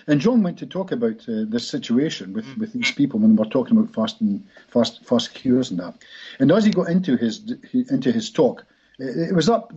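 Hypnotist guest, rambling storyteller; husky voice, medium pitch, muffled lo-fi audio. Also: male voice, dark tone. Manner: rambling anecdotal, frequent restarts. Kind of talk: storytelling in a podcast interview. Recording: dull lo-fi recording.

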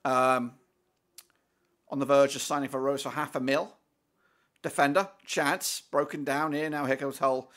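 A man hosting a live football watchalong, commentating excitedly as a fan, with swearing, fillers and restarts. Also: medium pitch, normal speed, long pauses.

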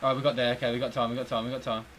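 A man in his twenties with a British accent, commenting live on his own football video game, swearing a lot and swinging from mutters to yells. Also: medium pitch, little pitch movement, racing. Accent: British English. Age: 20s. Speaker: gaming streamer.

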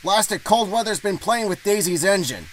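A man voicing a grumbling male engine driver, with loud music behind. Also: sits high, animated, normal speed, slight background noise, pitched above the performer's own voice. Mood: annoyed.

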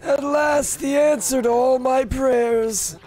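A streamer voicing a pompous old village elder with booming, theatrical proclamations. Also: steady tone, slow, a crowd in the background. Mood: grandiose. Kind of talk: dramatic reading of game dialogue.

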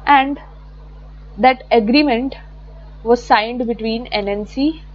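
A woman's voice: fairly high pitch, takes it slowly, lo-fi sound. A woman teaching an online exam-prep lecture from slides, chatty and often correcting herself. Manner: chatty, self-correcting, repeats words.

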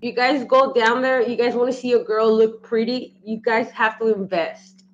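A woman speaking as a guest on a casual livestream, frank and quick to laugh. Her voice sits somewhat high. A faint hum runs behind her. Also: steady tone, lo-fi sound. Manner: frank, laughs easily, swears.

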